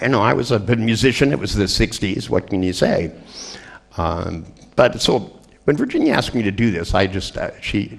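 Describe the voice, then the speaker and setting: An older man telling a story to an audience, animated and profane, acting out the people in it and laughing at his own tale. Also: low voice, vocal fry. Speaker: speaker telling a therapy story.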